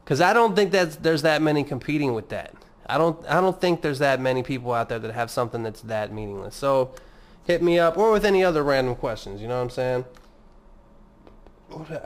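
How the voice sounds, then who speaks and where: A man hosting a casual solo podcast, rambling and swearing as he mocks himself. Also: medium pitch. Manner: rambling, profane, self-mocking. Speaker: podcast host.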